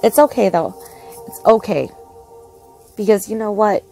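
A young woman narrating her own gameplay in a casual, excitable, easily distracted way, full of fillers and sudden outbursts. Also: mid-range voice, measured pace, soft background music. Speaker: gaming channel host. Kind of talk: casual game commentary.

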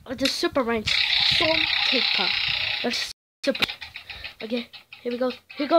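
A woman giving excited commentary over her mobile game, squealing at wins and humming along as she plays. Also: on the high side, moderate pace, long pauses. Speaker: gameplay narrator. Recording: noisy home recording.

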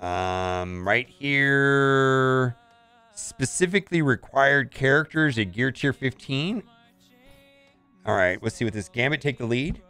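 A man's voice: medium pitch, animated, takes it slowly, sharp tone, clear, resonant tone, dry recording, faint music behind. A man casually commenting on a mobile game as he plays, thinking aloud and often saying "all right".

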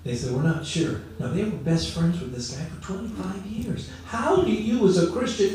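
Middle-aged male pastor, storytelling sermon, dark tone, distant mic in a reverberant room. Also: high voice, expressive, moderate pace, few pauses, a little hiss or hum. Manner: conversational storytelling, acts out quoted voices. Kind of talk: sermon with personal stories.

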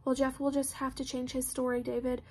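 A woman's voice: sits high, monotone, a little fast, darkish tone, slight background noise. A woman reading a shaky, anxious teenage girl. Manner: stammering, shaky.

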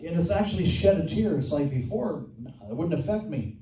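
An older man preaching a sermon as pastor, earnestly reading scripture and commentary aloud and slowing down for emphasis. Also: on the high side, expressive, mellow. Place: church sanctuary. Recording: echoey room, mic from far off.

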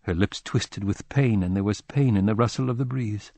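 A man narrating a literary audiobook in a measured, somber first-person reading. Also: fairly low pitch, gravelly, dark tone, no room sound.

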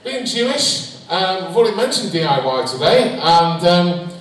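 Scouse man telling deadpan stand-up jokes. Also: high voice, moderate pace, noisy background. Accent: Liverpool. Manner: deadpan one-liners. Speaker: stand-up comedian. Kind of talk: stand-up comedy set. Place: large hall on stage. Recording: echoey hall, mic at a distance.

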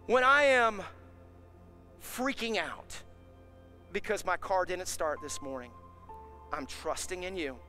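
A man preaching a sermon as pastor, impassioned, building up to shouts. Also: sits high, animated, slow, pauses often, faint music behind.

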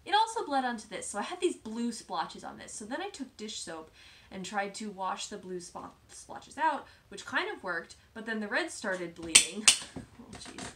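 A chatty woman hosting a knitting show, talking casually at home with a mid-range voice. She slips between lively, self-deprecating chatter and quiet muttered asides. A faint hiss sits under the recording. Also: mid-range voice, normal speed. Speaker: knitting podcast host. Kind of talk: casual show-and-tell chat.

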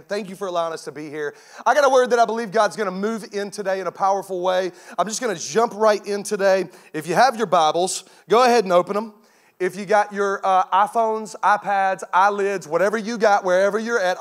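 Man in his thirties, guest pastor, high voice, energetic storytelling sermon.

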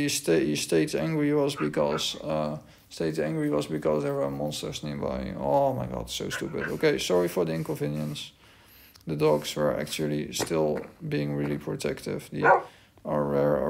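Loud noise fills the background as the commentator chats casually to the in-game dogs, baffled and teasing himself. His voice is on the high side and gravelly.

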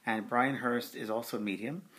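A middle-aged man, a spiritual medium, recounting a memory in a relaxed conversational way with frequent fillers. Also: mid-range voice, moderate pace. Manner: conversational, with fillers, acting out quoted voices. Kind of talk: video testimonial storytelling.

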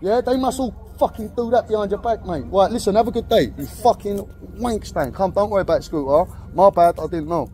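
An angry Essex man with a fairly high voice, ranting and swearing at police officers outdoors. He is recorded close on a phone, with faint noise underneath. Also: fairly quick, few pauses, dark tone. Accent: Essex English. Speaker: vlogger filming a police stop. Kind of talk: heated street argument. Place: street outdoors.

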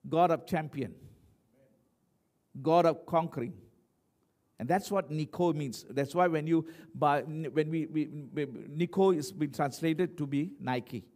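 A man's voice: a little high, measured pace, darkish tone. A man preaching as pastor, emphatic, often asking the congregation questions. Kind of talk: sermon.

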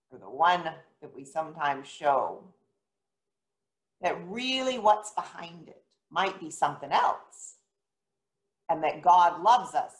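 A woman giving a children's sermon in a church, retelling a story gently and asking the children questions. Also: fairly low pitch. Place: church sanctuary. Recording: echoey church room.

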